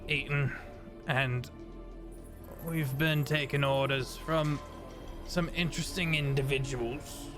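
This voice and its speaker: A jittery, scrawny young redhead, as a game master puts him on, hemming and stammering through every answer with a half-slipping Australian-ish twang. The voice sits a little high, with music playing behind it. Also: male voice, steady tone, takes it slowly, pauses often. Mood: wary. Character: scrawny young redheaded man, nervous, evasive.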